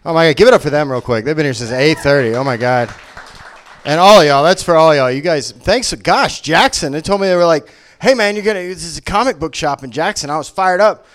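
A man from Memphis does stand-up in a casual, rambling way, full of quick asides and jokes at his own expense. His voice sits slightly high for a man. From Memphis, Tennessee. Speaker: stand-up comic. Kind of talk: stand-up set. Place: comic book shop venue.

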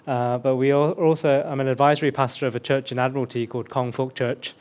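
Man, English, faint Birmingham accent, middle pitch, conversational sermon, headset mic. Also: fairly even intonation, fast talker, a little mellow. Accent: Birmingham, mostly suppressed. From England. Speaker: guest pastor. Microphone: headset mic slipping off.

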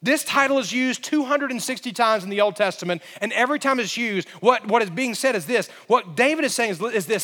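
A man preaches a sermon, retelling the story dramatically and pushing to emphatic climaxes. His voice sits high for a man. A long reverb fills the church sanctuary around him. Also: expressive, fairly quick, few pauses, pushed and bright. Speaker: pastor.

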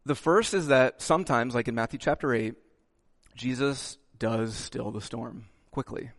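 Gravelly-voiced male pastor preaching. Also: medium pitch, measured pace. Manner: expressive preaching, frequent "okay" asides, acts out quotes. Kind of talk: sermon.

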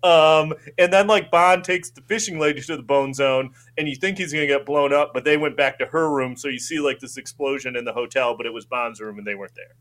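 A man's voice: medium pitch, fairly quick, hardly any pauses, a bit bright. A man co-hosting a casual movie chat, recapping the plot with lots of fillers. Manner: rambling recap with many fillers and likes. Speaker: podcast co-host recapping the plot.

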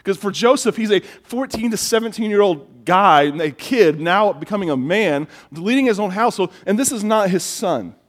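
Animated storytelling pastor, a man. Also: high voice, normal speed, few pauses. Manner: storytelling, animated, repeats words when excited. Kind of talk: sermon.

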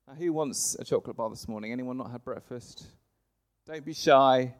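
A man, preaching a sermon to a congregation, punching words loudly then letting phrase ends fall soft. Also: medium pitch, moderate pace. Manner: lively, swings from loud emphasis to soft trailing phrase ends. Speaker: pastor. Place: church service before a congregation.

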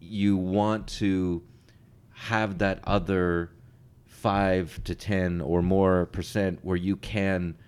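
A man co-hosting a storytelling podcast, talking in a relaxed, loose way and repeating his phrases. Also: deep voice, very slow, smooth. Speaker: podcast co-host. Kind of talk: casual podcast chat.

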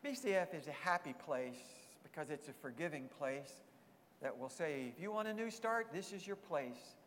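A man's voice: fairly high pitch, expressive, normal speed, a bit bright, slight background noise. A man preaching a sermon as a pastor, earnest, repeating emphatic phrases. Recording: long hall reverb.

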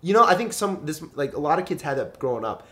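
A man's voice: on the high side, very animated, fast, fairly bright tone. A young man telling loose, profane stories in a casual podcast chat, full of fillers and asides. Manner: loose and profane, many fillers, puts on his mother's voice in quotes. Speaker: podcast guest.

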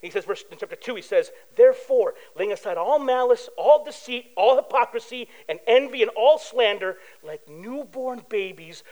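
A man's voice: sits high, low-quality recording. A middle-aged male pastor preaching a sermon in a casual, conversational way, telling personal stories and acting out quoted voices. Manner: animated, acts out quoted voices.

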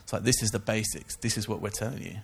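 A man's voice: on the low side, fairly even intonation, fast, creaky, breathy edge. A man giving a casual, chatty Bible teaching talk, full of informal asides. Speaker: church teacher.

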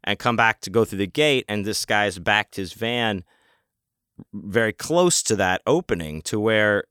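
A man tells a rambling, profane story in a relaxed, casual manner. His voice is low and smooth. The recording is dry and close, with no room sound. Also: a little slow, no room sound. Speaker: convention vendor telling a story.

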